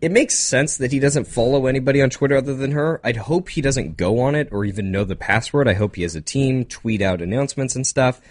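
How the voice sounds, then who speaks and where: A young man co-hosting a casual podcast, rambling through topics with quick asides, laughs and a slightly nasal voice. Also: mid-range voice. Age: young adult. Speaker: podcast co-host. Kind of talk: casual chat.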